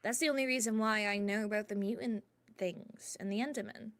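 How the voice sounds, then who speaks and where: A woman streamer speaking in character during a roleplay, chatty and sometimes dropping to hushed asides while sharing gossip. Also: medium pitch, fairly even intonation, a little fast.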